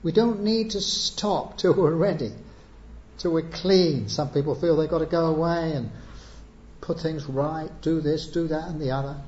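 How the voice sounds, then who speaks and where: A man's voice: a little high, moderate pace, darkish tone, slight background noise. A man preaching an evangelistic sermon, earnest and pleading, building to emphatic appeals. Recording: echoey muffled church recording.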